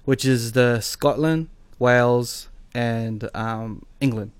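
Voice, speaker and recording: Aussie podcast guy, kinda hesitant, ums everywhere, dry sound, middle pitch. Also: steady tone, takes it slowly, smooth, dry recording. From Australia. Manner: hesitant, many fillers and restarts. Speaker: podcast co-host. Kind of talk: casual chat.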